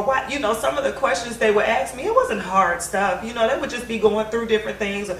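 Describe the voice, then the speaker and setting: A woman with a high-ish, somewhat bright voice remembers her late mother in a candid family conversation. She talks fairly quickly with few pauses, reflective but laughing between thoughts. A distant mic captures a roomy sound with faint hiss.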